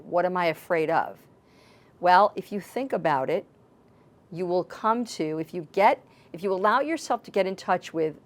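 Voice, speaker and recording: A woman with a fairly low voice, speaking as a life coach on a television talk show. She talks earnestly and works through everyday examples to make her point. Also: expressive, normal speed. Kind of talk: advice talk.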